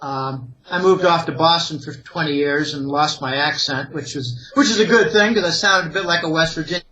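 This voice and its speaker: A man's voice: fairly high pitch, moderate pace, bright, forceful tone, poor audio. A man from the Pittsburgh area, an interview guest, making emphatic warnings in a repetitive, opinionated way. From Greater Pittsburgh, USA. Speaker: interview guest, economic analyst.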